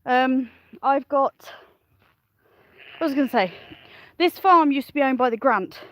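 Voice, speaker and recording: A smallholding farmer who vlogs talks cheerfully to the camera while walking her farm outdoors, her high voice a little slow, in a rough recording with no room sound. In this chatty farm vlog she laughs often, speaking to her animals as well as her viewers.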